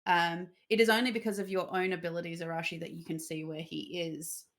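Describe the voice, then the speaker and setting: Creaky-voiced woman game master. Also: fairly low pitch, little pitch movement, a little fast, a bit bright. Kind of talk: narrating a tabletop game on stream.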